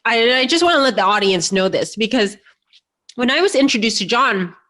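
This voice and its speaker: A woman's voice: fairly high pitch, expressive, fairly quick, pushed and bright. A woman hosting a podcast, speaking earnestly and directly to her guest and her audience. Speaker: podcast host. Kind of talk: casual interview chat.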